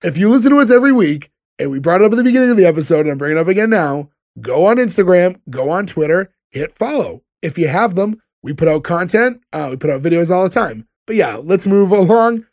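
A man's voice: high voice, animated, quick pace, few pauses, a little mellow, no room sound, clean studio sound. A man hosting a casual podcast, talking loosely with lots of fillers. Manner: loose, rambling, frequent fillers. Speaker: podcast host. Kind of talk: casual chat.

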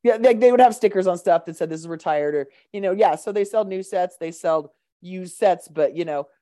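A woman co-hosting a podcast in casual chat, telling stories in a lively, animated way. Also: fairly low pitch, fairly quick, no room sound, studio quality. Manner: chatty, animated storytelling with laughs. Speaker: podcast co-host.

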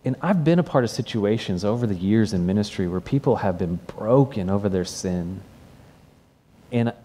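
A man's voice: fairly low pitch, lively intonation, moderate pace, mellow. A man who is a pastor, giving a sermon that retells a personal story in a conversational way and often repeats the first word of a phrase.

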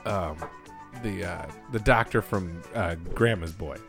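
A man's voice: low voice, unhurried, music in the background. A man co-hosting a casual podcast, teasing his friend and laughing often. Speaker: podcast co-host. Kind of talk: casual chat.

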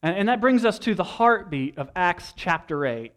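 Man, young adult, pastor, sermon, animated storytelling, slightly high pitch. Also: normal speed, clean tone. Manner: animated storytelling, acting out movie lines.

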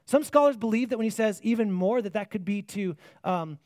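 A man's voice: high-pitched, a little fast, a little mellow, no echo, studio quality. A man preaching a sermon in an earnest way, often restarting his phrases and asking the listeners rhetorical questions.

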